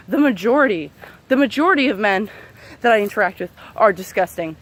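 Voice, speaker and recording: A woman's voice: mid-range voice, expressive, fairly quick. A young woman ranting heatedly to camera as a vlogger, profane and sarcastic, with many fillers. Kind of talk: angry unscripted rant to camera.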